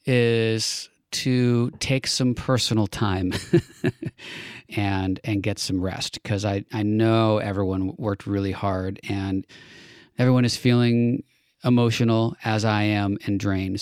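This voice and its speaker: A man's voice: lowish voice, measured pace, clear, resonant tone, dry recording, clean studio sound. Laid-back man co-hosting a chat show. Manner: relaxed, chuckling, thinks aloud with fillers. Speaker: podcast co-host. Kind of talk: casual political chat.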